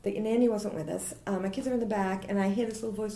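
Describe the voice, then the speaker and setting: Woman in her 40s, animated storyteller, quotes people in lively voices, medium pitch, roomy echo. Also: fast talker. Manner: animated, laughing, acts out quotes. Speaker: guest. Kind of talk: casual interview storytelling.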